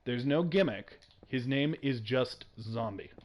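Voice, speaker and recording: A young man hosting a casual gaming podcast, excitable, swearing freely and laughing often. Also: mid-range voice, a little slow. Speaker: podcast host.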